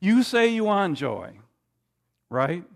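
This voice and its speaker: A man preaching a sermon, emphatic, with dramatic pauses and frequent restarts. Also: high voice, sing-song, vocal fry. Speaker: pastor.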